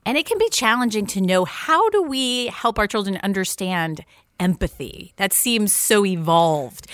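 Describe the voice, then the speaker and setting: Mom cohost recapping episodes, steady voice, dry close mic. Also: female voice, medium pitch, dry recording. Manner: earnest, summarizing and introducing clips. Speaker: podcast co-host and mother. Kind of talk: reflective chat.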